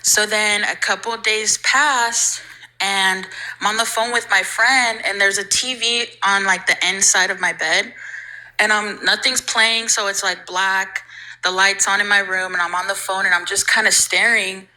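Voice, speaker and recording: A woman's voice: mid-range voice, fairly even intonation, normal speed, sharp tone, rough recording. A young woman casually telling a ghost story on a livestream, chatty and full of "like", acting out the people she quotes.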